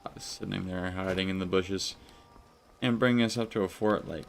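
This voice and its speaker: A man's voice: low-pitched, steady tone, moderate pace, creaky, faint music behind. A man with a stuffy, congested voice, chatting casually to his viewers while he plays and comments on a game live. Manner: chatty, addresses chat. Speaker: streamer.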